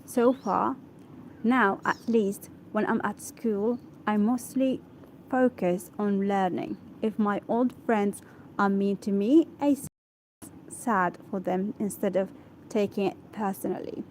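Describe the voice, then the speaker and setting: An English learner, a woman whose first language is Arabic, reads an English article aloud for practice, halting and correcting herself as she checks pronunciations. Her medium-pitched voice has a darkish tone, and the rough recording carries a little hiss or hum.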